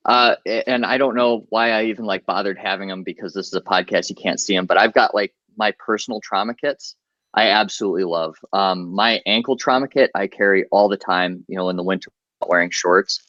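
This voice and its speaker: A man talks through his medical gear in a relaxed, practical way and leans on plenty of fillers. His voice sits a little low. The recording is dull and lo-fi with a dry, close sound. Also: fairly quick, no room sound. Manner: practical, chatty, many fillers. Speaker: guest medic. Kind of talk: casual podcast interview.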